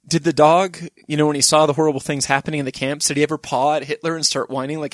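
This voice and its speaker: A man's voice: a little high, quick pace, hardly any pauses, no room sound, studio quality. A man hosting a podcast, chatting casually in a rambling, digressive way and laughing at times. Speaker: podcast host. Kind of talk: casual chat.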